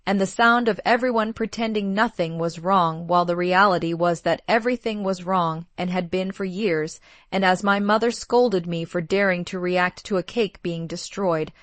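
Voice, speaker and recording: A woman calmly narrating a first-person story in a steady, measured way. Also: lowish voice, no room sound.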